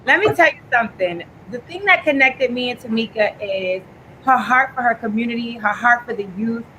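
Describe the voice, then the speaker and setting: Bright high woman on a video call. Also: expressive, moderate pace, slight background noise, poor audio. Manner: warm storytelling, fillers like "um". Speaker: guest. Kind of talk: heartfelt live video call chat.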